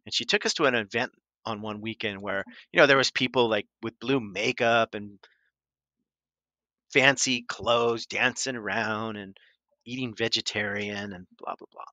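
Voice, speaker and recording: A man's voice: lowish voice, normal speed, bright, forceful tone, no echo. A man hosting a commentary video, rambling in a casual, sarcastic way. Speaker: video host.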